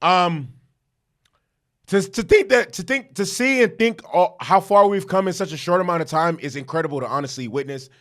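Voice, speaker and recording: A man's voice: sits high, lively intonation, normal speed, fairly bright tone. A man giving a casual fan reaction to his team's win, talking in hyped, profane, rambling bursts and tagging points with "okay?". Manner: hyped, repeats "okay?" for emphasis; profane, self-correcting rambles. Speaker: sports fan commentator.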